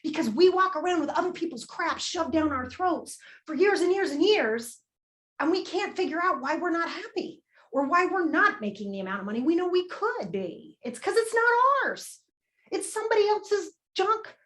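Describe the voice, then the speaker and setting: A workshop leader gives a motivational talk on money mindset, her voice sitting high with lively intonation and a fairly bright tone at a moderate pace. She's candid and emphatic, swears casually, and keeps repeating a prompting question.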